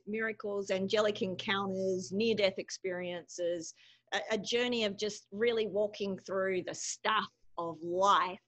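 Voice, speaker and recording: A woman with an Australian accent speaks as a podcast guest. She talks earnestly and from the heart, with a mid-range pitch. Her delivery is warm and sincere. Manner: earnest, heartfelt, laughs easily. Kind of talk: podcast interview.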